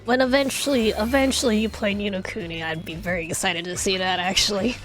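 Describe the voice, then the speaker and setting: A woman's voice: medium pitch, fairly even intonation, brisk, rough recording. A woman streamer chatting casually while playing a game, laughing often. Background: game music.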